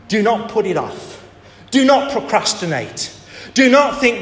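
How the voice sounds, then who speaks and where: A man preaching a sermon with emphatic delivery, rhetorical questions and dramatic pauses, in a church hall. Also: high-pitched, big pitch swings, fairly bright tone. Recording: echoey hall with faint ambience.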